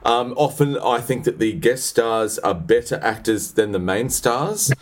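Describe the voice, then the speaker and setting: A man's voice: medium pitch, measured pace, slight background noise. A man co-hosting a podcast in casual chat, gushing and theatrical, with many hesitant fillers. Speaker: podcast co-host.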